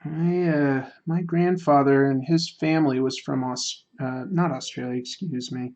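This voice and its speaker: A man's voice: mid-range voice, steady tone, unhurried, darkish tone, lo-fi sound. A man chatting casually with viewers while he draws on a livestream, rambling and self-deprecating, with frequent fillers. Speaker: livestreaming artist. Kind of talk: casual chat while drawing, answering viewer comments.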